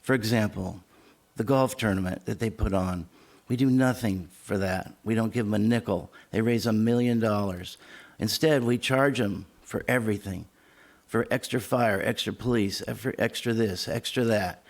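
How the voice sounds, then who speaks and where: A man's voice: on the low side, normal speed. A man on a city council speaking with emotion and passion at a public meeting. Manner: emotional, impassioned.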